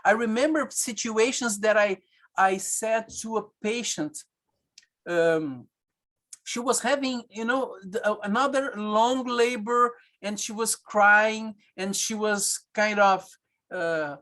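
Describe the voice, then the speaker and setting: A man, an obstetrician telling stories in a webinar conversation, halting and searching for English words with many restarts. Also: high-pitched, pushed and bright.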